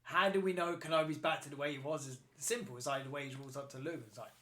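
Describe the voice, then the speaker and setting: A man co-hosting a podcast, chatting excitedly, swearing a lot and acting out quotes. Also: fairly high pitch, quick pace. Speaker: podcast co-host. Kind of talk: casual chat. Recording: roomy echo.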